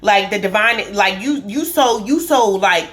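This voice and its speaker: A woman's voice: mid-range voice, expressive, measured pace, a bit bright. A woman giving a casual tarot reading to camera, emphatic and repetitive, restating her points as she thinks aloud. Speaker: tarot reader.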